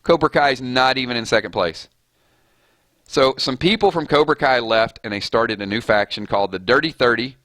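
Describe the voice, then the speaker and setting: Male streamer, rambling and fired up; crisp forceful tone, close dry mic. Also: medium pitch, moderate pace, no room sound. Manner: fired-up, rambling, laughs often. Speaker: gaming streamer. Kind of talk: casual live-stream chat.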